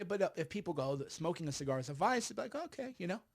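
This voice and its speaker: Blunt emphatic man, pitched fairly high. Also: expressive, rapid-fire. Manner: blunt, emphatic, talks while smoking a cigar. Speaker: political commentator. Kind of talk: livestreamed commentary.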